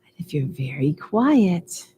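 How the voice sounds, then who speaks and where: A woman leading a preschool storytime, talking in a slow, sing-song way for small children. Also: fairly low pitch, sing-song, noisy background. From United States. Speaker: children's librarian.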